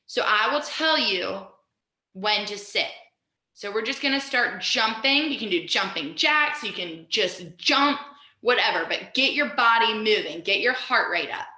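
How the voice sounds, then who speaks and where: Upbeat, bright-voiced woman teacher on a roomy call. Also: mid-range voice, animated, measured pace. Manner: upbeat, encouraging, talks straight to students. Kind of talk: guided mindfulness lesson over video call. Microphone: video call. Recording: roomy echo over a video call.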